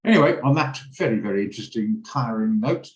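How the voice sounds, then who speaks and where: A man's voice: fairly low pitch, expressive, fast, roomy sound, low-quality recording. A man hosting a trading room on a video call, talking casually and emotionally, rambling and laughing as he goes.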